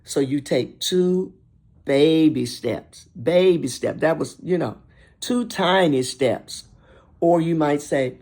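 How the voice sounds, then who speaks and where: An older woman hosting an inspirational talk show, speaking emphatically and repeating and listing words in a steady rhythm. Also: low voice, takes it slowly. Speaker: host.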